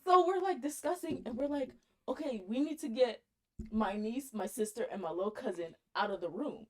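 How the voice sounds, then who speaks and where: A woman podcast co-host telling a story in casual chat, animated, laughing often and swearing casually. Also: on the high side, moderate pace.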